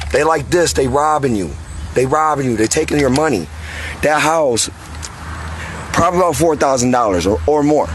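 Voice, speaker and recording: A man's voice: medium pitch, background noise. A man talking outdoors on a roof as a roofing contractor, blunt and heated, cursing freely in a casual vlog. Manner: blunt, heated, swears a lot. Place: outdoors on and near a house roof.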